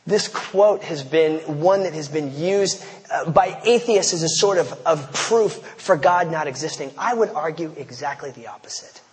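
A man's voice: on the high side, animated, normal speed. A man preaching a sermon in a conversational, storytelling way with slangy asides. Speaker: pastor. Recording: long hall reverb.

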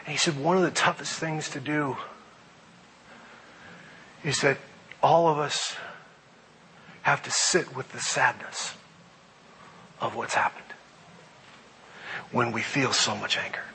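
A middle-aged man preaching a sermon, animated, moving between loud emphasis and quiet reflection. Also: medium pitch, slow pace, pauses often, a little hiss or hum, rough recording. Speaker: pastor.

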